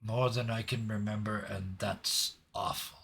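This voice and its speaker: A man voicing a weary, heroic male time traveler in a tabletop game, earnest and low-pitched. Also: steady tone, a little slow, creaky, fairly bright tone, breathy edge, exaggerated voice. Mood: solemn.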